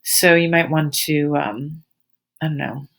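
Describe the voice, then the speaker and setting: Low gravelly-voiced woman teacher. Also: steady tone, measured pace, fairly bright tone. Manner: chatty and rambling, amused. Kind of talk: casual storytelling to students.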